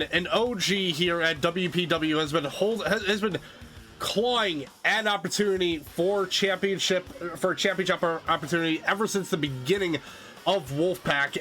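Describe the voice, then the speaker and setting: Male host-announcer, high bright voice, fast excitable wrestling-show patter. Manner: hyped announcer tone with quick bursts and small restarts. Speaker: host and play-by-play commentator. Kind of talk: energetic wrestling show commentary.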